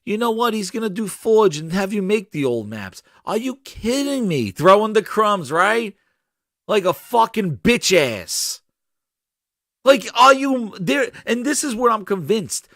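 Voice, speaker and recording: A man with a high voice that swings widely in pitch hosts a gaming podcast, ranting in anger at a measured pace. His tone is a bit bright, the recording dry and clean, and he swears, stammers and repeats himself throughout.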